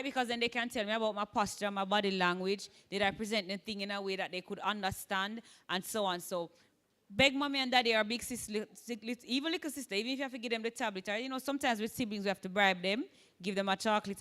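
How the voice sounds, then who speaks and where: Bright-voiced Jamaican woman teaching Spanish. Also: medium pitch. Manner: frequent "right?" checks, lively emphasis, models Spanish words slowly. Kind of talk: exam prep lecture.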